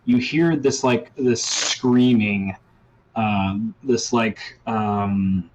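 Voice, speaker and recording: A man running a tabletop role-playing game as game master, talking in a relaxed way with many ums and uhs. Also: mid-range voice, drawn-out words, slight background noise, low-quality recording.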